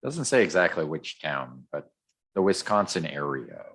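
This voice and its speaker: Speaking into a podcast mic, this co-host chats through a comic recap in a rambling way, with plenty of ums and false starts. He has a bass voice with big pitch swings, a fairly bright tone, and a breathy edge, at a moderate pace.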